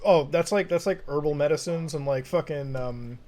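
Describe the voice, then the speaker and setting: A man's voice: a little high, normal speed, mellow. A man chatting casually on a stream, talking bluntly and swearing often, with lots of restarts and fillers. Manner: profane, rambling, blunt.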